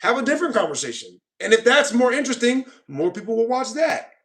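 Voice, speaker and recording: A man's voice: very high-pitched, sing-song, fast talker, a bit bright. A man reading viewer comments on a live stream, arguing with commenters in a defensive, lecturing way and often asking if they know what he means. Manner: repeats "you know what I mean".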